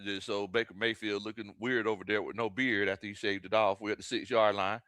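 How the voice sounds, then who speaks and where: A man hosting live watch-party commentary, excitable and often shouting and laughing. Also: on the low side, fairly quick, clear, resonant tone, dry recording. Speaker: sports livestream host.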